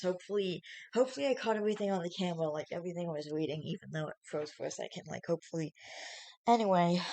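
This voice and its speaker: A woman's voice: on the low side, darkish tone, no echo. A woman reading fan fiction aloud on camera, with casual, chatty asides. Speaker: story reader.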